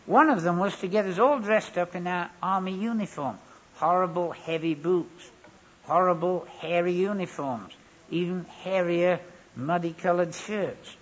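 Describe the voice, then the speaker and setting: A preacher with a husky, breathy voice that sits fairly high for a man. He delivers his sermon with a wry, anecdotal humour, and the recording sounds dull and lo-fi. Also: a bit bright. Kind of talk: sermon with storytelling.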